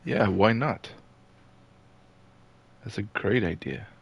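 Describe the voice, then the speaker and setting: Male streamer, deep voice, dry casual commentary. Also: takes it slowly, creaky, dull audio, slight background noise.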